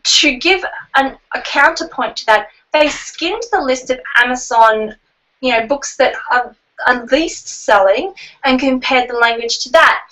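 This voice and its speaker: A woman's voice: high voice, animated, measured pace, sharp tone, distant mic, low-quality recording. A woman co-hosting a casual book-news podcast, chatting and rambling while she cites figures. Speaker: book blog co-host.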